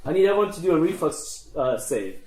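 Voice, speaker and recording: A man narrating as game master of a tabletop game, halting and full of fillers and restarts. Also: fairly high pitch, very animated, darkish tone. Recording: echoey room.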